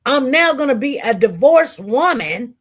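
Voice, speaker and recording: Slow-talking, higher-voiced woman in her forties. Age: 40s. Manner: animated storytelling with colloquial speech. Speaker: witness on the stand. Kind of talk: emotional personal testimony.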